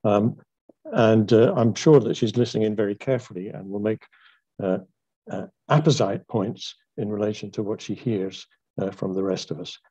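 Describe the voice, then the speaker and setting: A man moderating an online group discussion, handing over to the next speaker in a measured, formal way. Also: fairly low pitch, steady tone, warm tone, husky, lo-fi sound.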